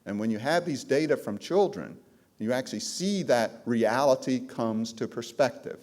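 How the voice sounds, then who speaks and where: Speaking to a live audience of care providers, a trauma trainer delivers a presentation with emphatic storytelling and calls out to the crowd. His medium-pitched, slightly mellow voice has lively intonation and a moderate pace.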